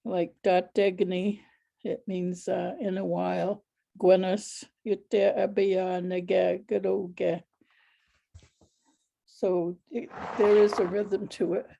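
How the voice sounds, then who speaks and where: A woman storyteller talks slowly and easily, answering questions from an audience. Her voice has a mellow, darker tone. She is heard through a video call. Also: mid-range voice, little pitch movement, gravelly, lo-fi sound.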